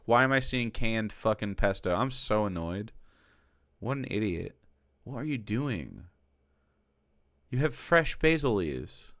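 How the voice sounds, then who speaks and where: A man with a lowish voice talks casually on stream, swearing freely and ranting in exasperation. The sound is close and dry, with no room around it. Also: very animated, a little slow, fairly bright tone, dry recording. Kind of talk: casual reaction commentary.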